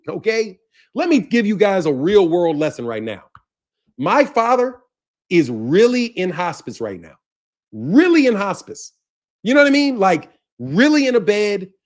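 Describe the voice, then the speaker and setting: A man hosting his boxing channel, ranting in a profane, mocking way and laughing often. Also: high-pitched. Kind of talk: ranting commentary.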